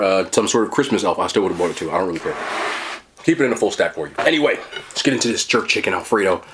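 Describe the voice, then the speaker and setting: Eating on camera for his mukbang, a man in his thirties keeps up casual, upbeat chat aimed straight at his viewers. He has a fairly low, slightly bright voice, and there is a little background noise.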